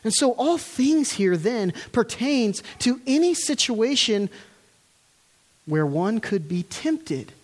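Animated male preacher. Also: very high-pitched, takes it slowly. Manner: earnest, emphatic, with rhetorical questions. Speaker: pastor. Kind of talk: sermon. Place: church.

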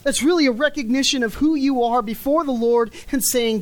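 A woman's voice: high voice, low-quality recording. A woman preaching a sermon in an emphatic way, stretching key words and letting her lines fall at the end. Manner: emphatic, drawn-out words with falling endings.

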